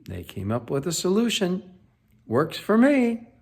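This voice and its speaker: Guy reading a kids picture book out loud, slightly high voice, slow, playful. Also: creaky. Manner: expressive, with playful sound effects. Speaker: children's book reader. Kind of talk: storybook read-aloud.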